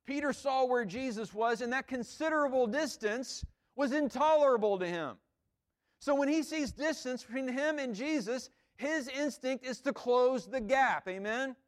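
High-voiced man preaching casually. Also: normal speed. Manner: informal, repeats words, asks the listeners "right?". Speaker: pastor. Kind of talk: conversational sermon.

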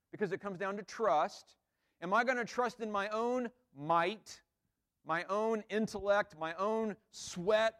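A man's voice: high voice, fairly bright tone, clear, resonant tone. A man preaching a sermon in a conversational way, often checking in with "right?" and acting out quoted lines. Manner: acts out the disciples' lines with rising emphasis. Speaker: pastor.

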